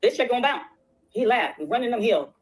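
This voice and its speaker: A woman telling her side of a settlement story, rushing excitedly and repeating phrases. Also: a little high, breathy edge, low-quality recording. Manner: rapid and excitable, repeats herself. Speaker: guest recounting a legal settlement. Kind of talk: casual storytelling on a stream.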